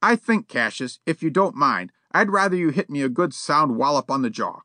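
A man voicing a mild, polite gentleman in an audiobook, courteous and measured. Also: fairly high pitch, animated, dry recording, voice pushed up. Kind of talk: audiobook character voice.

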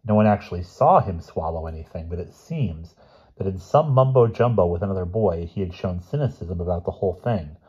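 Male storyteller, very low husky voice, calm measured delivery, dull lo-fi recording. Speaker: audiobook reader. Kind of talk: reading a short story aloud.

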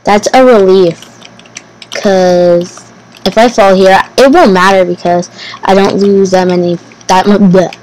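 A woman giving casual gameplay commentary as host of her channel, talking to herself nervously, repeating phrases and bursting into excited exclamations. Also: medium pitch, a little slow, slight background noise, low-quality recording. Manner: nervous, anxious self-talk, repeating phrases.

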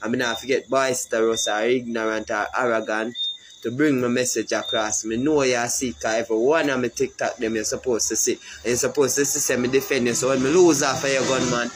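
A man's voice: mid-range voice, fairly even intonation, a little fast, background noise. A man with a Jamaican accent delivering a heated, repetitive social media rant that calls out a fellow artist.

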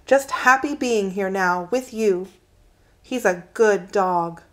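Woman as a soft-spoken, soothing mother. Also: mid-range voice, slow pace. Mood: tender. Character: gentle loving mother, tender and soothing.

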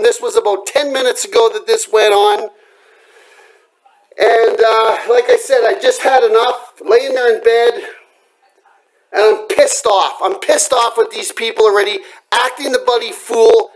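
Angry home vlogger, male, very high pitched, cracking voice, profane threatening rant. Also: low-quality recording. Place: home at night.

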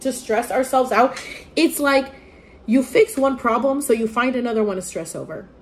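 A woman's voice: on the high side, moderate pace, a little hiss or hum. A young woman telling a story to her own camera indoors near a window, chatty and profane, full of "like" and playful voiced quotes. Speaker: vlogger.

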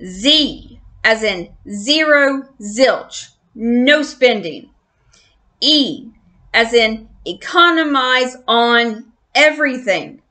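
Storybook figure: a woman playing a shrieking old grandfather mouse, bossy and loud, bright voice. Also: on the high side, lively intonation, drawn-out words, heavily acted. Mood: bossy shouting. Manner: shouting, bellowing orders.

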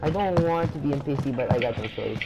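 A young man chatting casually while playing an online shooter, excitable and quick to swear. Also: mid-range voice, heavy background noise. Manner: excitable, swears, calls out plays. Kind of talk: casual gaming chat. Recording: loud gunfire game audio behind. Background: game gunfire and vehicles.

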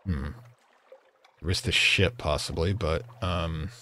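A man's voice: low-pitched, steady tone, slow pace, bright, forceful tone. A man hosting a let's play, reading the game's text aloud, stumbling over words and correcting himself between casual remarks. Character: shy albino rat tinker, male.

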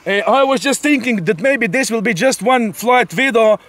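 Out in an open field, a man with a very high, fairly bright voice hosts a radio-control flying video at normal speed. As he pilots a model jet, this RC pilot and channel host keeps exclaiming, repeating words and tagging his lines with "eh?" in excited commentary.

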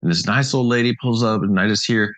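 Low-voiced laid-back male storyteller. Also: quick pace, fairly bright tone, dry recording. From British Columbia, Canada. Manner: laid-back rambling storyteller, laughs often. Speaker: show host. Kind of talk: casual storytelling chat.

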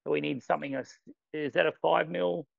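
A man running a casual product training demo, talking with enthusiasm and quick exclamations. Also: a little high, fairly even intonation, creaky, no room sound. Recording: dull lo-fi sound.

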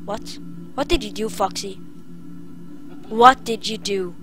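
A woman's mid-range, slightly bright voice moves slowly, with faint music behind it and low-quality recording. She's playing a horror game and commenting as she goes, easily frightened and crying out at jump scares.

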